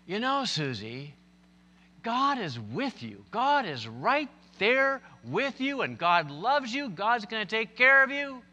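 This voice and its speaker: A man voicing a sleepy father gently reassuring his frightened daughter. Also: high voice, sing-song, slow, long reverb tail, voice pushed up, heavily acted. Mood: soothing. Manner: soothing, reassuring.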